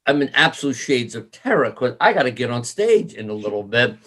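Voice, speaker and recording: Animated middle-aged man telling stories. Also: mid-range voice, brisk. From New York. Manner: animated storyteller, acts out quoted voices, laughs often. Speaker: guest musician. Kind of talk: storytelling interview.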